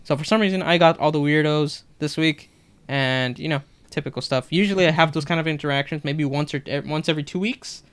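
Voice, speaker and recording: Young male podcast co-host, animated storyteller, clean resonant voice. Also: on the high side, a little fast, clean tone. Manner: animated, acts out customers' lines in retelling. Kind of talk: casual storytelling chat.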